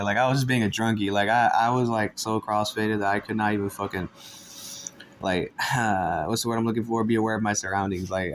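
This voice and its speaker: A man's voice: on the low side, slight background noise. A man telling a casual storytime, laid-back and swearing constantly, laughing between lines. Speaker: storyteller vlogger.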